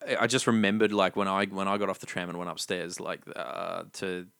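A man's voice: low-pitched, steady tone, brisk, gravelly, fairly bright tone, smooth, no echo, studio quality. A man with an Australian accent, co-hosting a podcast in casual chat and telling a rambling story full of restarts. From South Australia. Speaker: podcast co-host.

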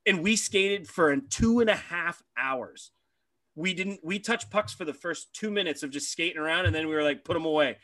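Profane, bright-voiced man telling stories. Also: on the high side, normal speed, no echo. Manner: profane, animated storytelling. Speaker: podcast co-host, former hockey player. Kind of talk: casual podcast chat.

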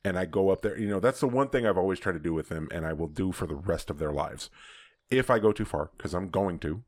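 A man's voice: low-pitched, fast talker. A man hosting a podcast, telling a candid personal story in a casual conversation, often laughing as he talks. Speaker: podcast host.

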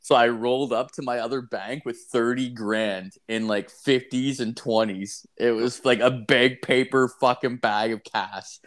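A man's voice: mid-range voice, fairly even intonation, a little slow, few pauses. A young man hosting a podcast, telling a story in a rambling, profane, casual way with lots of filler words.

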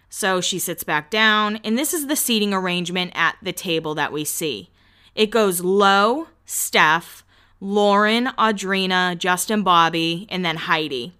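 A woman chatting casually as a podcast host, recapping a reality show and quickly acting out what people said. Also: medium pitch, animated, bright, forceful tone, clean tone. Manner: chatty, quotes people in quick acted voices.

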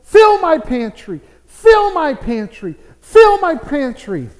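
A poor elderly widow, voiced by a man cries out her prayers in a high, shrill voice. Her words ring through a long-echoing hall. She sounds fervent and overjoyed. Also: very animated, slow pace, exaggerated voice. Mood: pleading. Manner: high shrill pleading and shouting.

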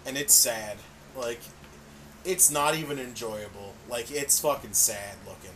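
A man's voice: mid-range voice, a little slow, noisy background. A man co-hosting a casual wrestling podcast, swearing freely and laughing often. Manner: profane, enthusiastic, laughs often. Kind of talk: casual chat.

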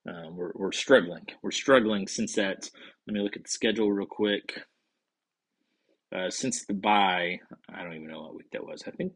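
A man's voice: low voice, a bit bright, slightly rough. A man casually hosting a fantasy football league podcast on his own, rambling and wisecracking, swearing under his breath when he slips up. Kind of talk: casual solo sports chat.

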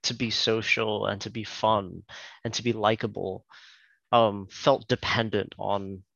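Hesitant low-voiced man, muffled sound. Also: flat delivery, vocal fry, a bit bright, dry recording. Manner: hesitant, halting, with many fillers and restarts. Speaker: podcast guest. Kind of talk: casual interview chat.

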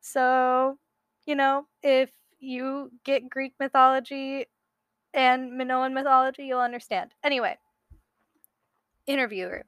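A young woman reading her own writing aloud, slowly, with self-deprecating nervous jokes in between. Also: sits high, steady tone, a bit bright, smooth, no echo, highs cut off.

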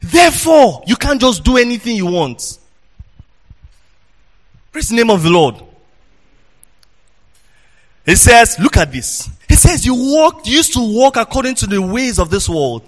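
A man preaching a sermon as pastor, in a sing-song, animated delivery, questioning his congregation and at times shouting for emphasis. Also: very high voice, a little slow, long pauses.

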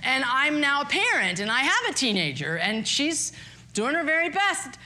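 Candid, bright-voiced woman in her fifties. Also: high voice, normal speed. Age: 50s. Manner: candid, self-deprecating, animated storytelling. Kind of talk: personal storytelling talk.

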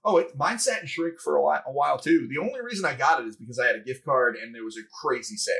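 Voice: medium pitch, rapid-fire, gravelly, a bit bright, husky, poor audio. A podcast co-host chatting casually about video games over a remote call, rambling with many fillers. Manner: rambling, lots of fillers and restarts. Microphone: remote call over Discord.

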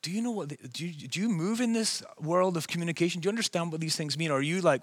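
A man from Scotland with a softened Scottish accent that is partly American, preaching an earnest, conversational sermon and asking his listeners rhetorical questions. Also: a little high, fast, no echo. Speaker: pastor.

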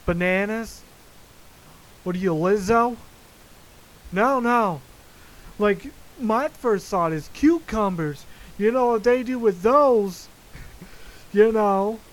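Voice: medium pitch, slow, pauses often, low-quality recording. A podcast host ranting casually, swearing constantly and breaking into laughter while telling stories. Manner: profane, frequently laughing, animated storytelling. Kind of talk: casual solo rant. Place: Florida.

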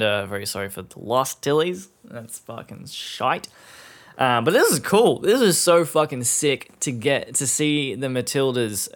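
A man's voice: mid-range voice, a bit bright. Sweary rambling Australian man. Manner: casual, sweary, laughs often, many fillers and restarts. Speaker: podcast host. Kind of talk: rambling solo podcast.

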